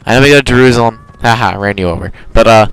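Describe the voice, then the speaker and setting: Rapid-fire and fairly bright, this young man's lowish voice comes through a low-quality recording as he plays a video game. His let's play commentary is chatty and rambling, with frequent self-corrections.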